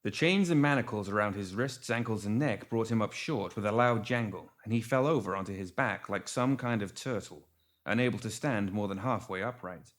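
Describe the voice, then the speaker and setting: A man reading a fantasy story aloud as audiobook narrator, with expressive storytelling. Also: lowish voice, normal speed. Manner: expressive storytelling, lively intonation. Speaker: audiobook reader. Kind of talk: scripted narration.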